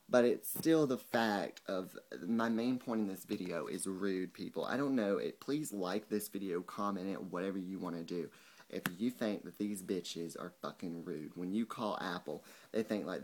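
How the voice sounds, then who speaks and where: Young man, low-pitched, profane angry rant, mocking quotes, vlog. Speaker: vlogger.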